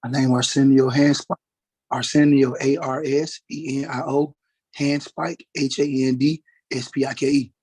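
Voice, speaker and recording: A man testifying as a witness in a courtroom, halting and repeating words as he goes. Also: medium pitch, little pitch movement, a little mellow, slightly rough. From Atlanta, Georgia, US.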